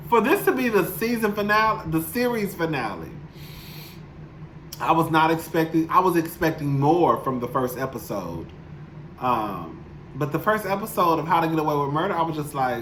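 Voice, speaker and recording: Guy talking to his viewers from his apartment, kinda high voice, echoey room, swears a lot and gets real emotional. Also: big pitch swings, normal speed, sharp tone, slight background noise. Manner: candid, emotional, profane, addresses viewers as y'all. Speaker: YouTube commentator. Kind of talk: casual vlog chat. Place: home apartment. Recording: roomy echo.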